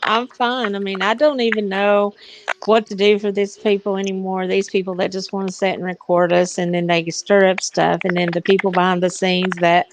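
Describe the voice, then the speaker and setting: A woman's voice: medium pitch, flat delivery, fairly quick, low-quality recording. A woman talking in a casual group chat, venting in an emphatic, exasperated way. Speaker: chat participant.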